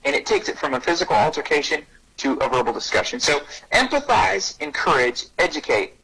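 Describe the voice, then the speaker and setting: A man giving an energetic parenting talk on bullying who acts out short dialogues in a raised voice. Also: a little fast, vocal fry, husky, poor audio. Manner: energetic, acts out little dialogues with rising pitch. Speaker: anti-bullying speaker and parenting coach.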